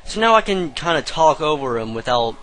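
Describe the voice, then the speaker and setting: A man's voice: fairly high pitch, sing-song, fairly quick, a bit bright, slight background noise, rough recording. Young man rambling over gameplay. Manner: rambling, hesitant, chatty. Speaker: let's play commentator. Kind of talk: casual gameplay commentary.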